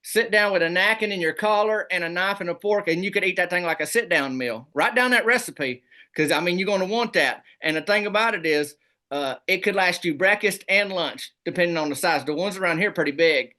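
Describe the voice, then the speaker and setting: A man, a comedy guest telling boastful tall tales in a deadpan rural persona. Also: sits high, brisk. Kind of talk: comic storytelling in a rural persona.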